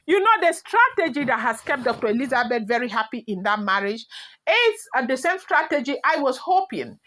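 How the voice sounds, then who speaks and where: A woman's voice: high voice, big pitch swings, fairly quick, fairly bright tone. A woman with a Nigerian accent, hosting a celebrity gossip vlog, emphatic and repetitive, firing off rhetorical questions.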